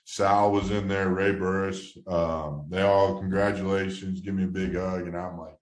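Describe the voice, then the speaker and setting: Low-voiced male guest, thirties, rambling storyteller, roomy sound. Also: normal speed. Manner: rambling, many restarts, low-key then excited. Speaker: former baseball player, guest. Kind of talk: casual storytelling interview.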